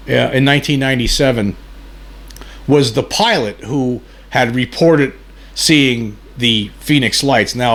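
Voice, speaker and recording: A man's voice: mid-range voice, fairly bright tone. A man hosting his channel, giving casual, rambling commentary that drifts between side points. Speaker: channel host.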